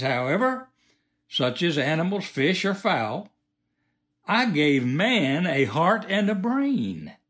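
A man's voice: a little high, fairly bright tone, heavily acted. A man voicing a stern, plain-spoken God.

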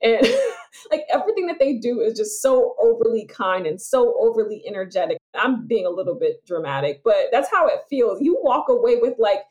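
A woman, hosting a casual solo podcast as a business coach, chatty and lively, laughing often as she talks. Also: medium pitch, moderate pace, hardly any pauses.

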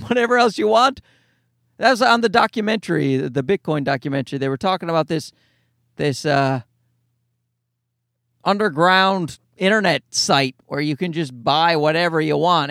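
Nasal newfoundland guy riffing alone in his parked car, high pitched, dry close sound. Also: creaky, fairly bright tone, dry recording. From Canada. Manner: rambling, profane, self-mocking asides. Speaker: stand-up comedian and podcast host. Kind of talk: casual rambling monologue.

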